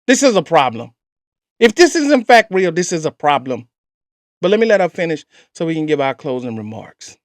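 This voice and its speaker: A man's voice: a little high, big pitch swings, a little fast, dry recording, clean studio sound. A man hosting a reaction show, giving casual, skeptical commentary and repeating his points for emphasis. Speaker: host reacting to a clip.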